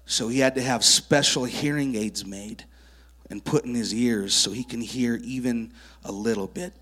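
A male preacher speaking to children in a church sanctuary. He tells his stories vividly and draws kids up on stage as volunteers. His voice sits at an ordinary middle pitch. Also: normal speed. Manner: animated storyteller who works with child volunteers. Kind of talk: sermon with testimony stories.

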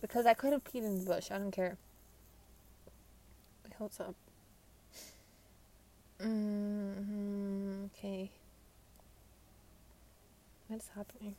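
A woman's voice: mid-range voice, moderate pace, pauses often, dark tone. A young woman streamer telling a story in a casual ramble, full of fillers and swearing.

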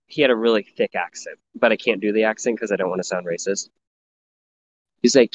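A man's voice: on the low side, fairly quick, pauses often. A young man in casual crude chat, telling stories and mocking himself. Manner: storytelling, self-mocking. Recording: dull lo-fi sound, faint noise.

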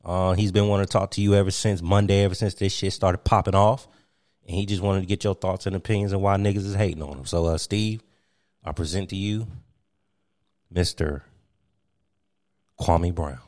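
A male podcast host sets up a call in a loose, casual way. He speaks low and easy, padding with fillers. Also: fairly even intonation, moderate pace, long pauses, a little mellow, no room sound, clean studio sound. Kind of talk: casual comedic intro.

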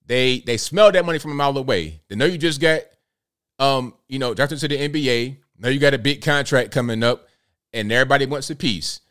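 A man's voice: mid-range voice, fairly quick, a bit bright, clean tone. A man hosting a casual live stream commentary, talking straight to viewers in folksy slang.

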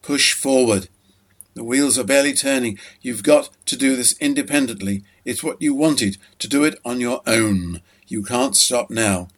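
A man's voice: mid-range voice, moderate pace, lightly acted. A man playing a devoted fiancé who speaks firmly and reassuringly, with a touch of cheerful bossiness. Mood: urging. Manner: firm, reassuring and cheerfully bossy.

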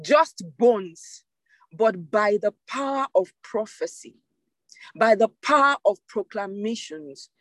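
A woman's voice: fairly high pitch, dry recording. A woman preacher leading an online devotional, delivering an emphatic sermon over a video call, repeating key phrases for emphasis.

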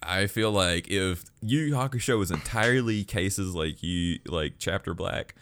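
A man's voice: low voice, fairly bright tone, clear, resonant tone, no room sound. A man with a Southern US accent hosting a casual podcast, laughing often and talking with many fillers. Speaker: podcast host. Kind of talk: casual chat reviewing an anime arc.

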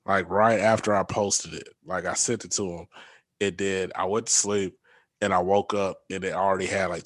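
Animated young man telling stories. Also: low-pitched, dry recording. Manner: animated storyteller, acts out quotes, laughs often. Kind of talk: casual chat.

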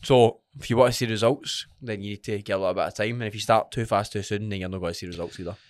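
A man's voice: lowish voice, steady tone, very fast, dry recording, studio quality. A man co-hosting a casual podcast as a fitness coach, blunt and sweary, often answering with short agreeing replies.

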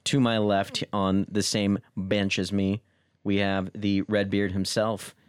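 A man's voice: fairly low pitch, flat delivery, slow pace, clean tone, dry recording, studio quality. A man hosting a casual podcast with friends, teasing his guests as he introduces them. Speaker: podcast host.

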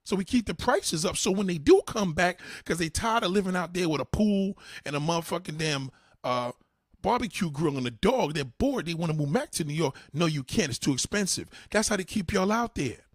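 A man's voice: high voice, expressive, brisk, no echo, clean studio sound. A man delivering a heated, profane monologue, blunt and repetitive, swearing a lot.

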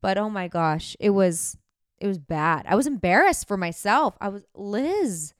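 A woman's voice: medium pitch, expressive, moderate pace, clean tone, no echo, studio quality. A woman hosting a podcast, talking frankly and chattily about herself in a candid self-help monologue. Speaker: podcast host.

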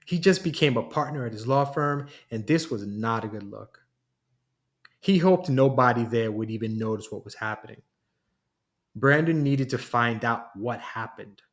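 A man narrating a serialized story in a plain, steady reading voice. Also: mid-range voice.

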